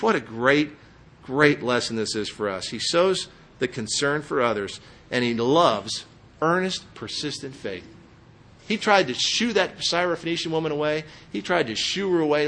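A man's voice: on the high side, animated, moderate pace, fairly bright tone. A middle-aged man preaching a sermon in a church, emphatic and quizzing his listeners with questions. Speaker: pastor.

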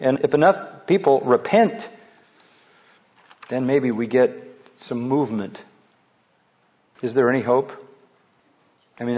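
A man preaching a sermon, rising to loud, slow declamation when he quotes scripture. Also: mid-range voice. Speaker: pastor. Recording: slightly muffled recording.

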